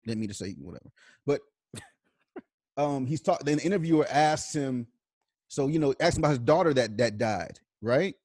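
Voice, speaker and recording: A man on a podcast telling a story in casual chat, full of swearing, dropping low to act out quotes. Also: normal speed, pauses often, breathy edge, dry recording, clean studio sound. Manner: animated, profane, acts out quotes in a low voice. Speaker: podcast co-host.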